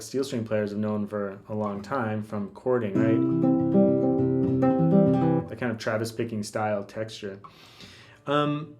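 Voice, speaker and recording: A man teaching classical guitar in a relaxed, casual way, thinking aloud with lots of fillers and restarts. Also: mid-range voice. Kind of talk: casual instructional talk.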